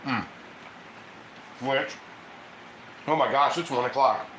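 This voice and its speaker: A man's voice: mid-range voice, takes it slowly, fairly bright tone, a little hiss or hum. Chatty man in an echoey kitchen. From Ohio. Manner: rambling, chatty, reads viewer comments aloud. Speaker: cooking livestream host. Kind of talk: casual livestream chat while cooking.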